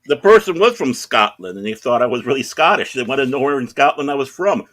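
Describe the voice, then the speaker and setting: A middle-aged man co-hosting a podcast, telling rambling, animated anecdotes in casual chat. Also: mid-range voice, fast. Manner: rambling, animated anecdotes with self-quotes and laughs. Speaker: podcast co-host.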